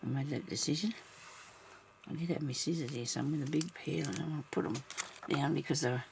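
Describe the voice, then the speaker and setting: A woman's voice: sits low, a little fast, gravelly, darkish tone, slight background noise. A woman vlogging as she crafts, chatting casually and thinking aloud, laughing often at herself.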